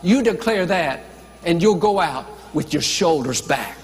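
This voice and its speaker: A man's voice: on the high side, expressive, a little slow, in a large hall. A man preaching a motivational sermon, emphatic, stacking up lists of declarations and slipping in playful asides. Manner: playful asides with light chuckles.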